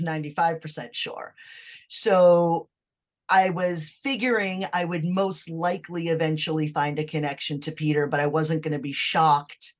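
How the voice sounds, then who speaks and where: A woman guest in an interview, telling a personal story in a conversational, animated way. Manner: animated, acts out quoted talk with sudden high pitch and laughs. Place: lived in Massachusetts.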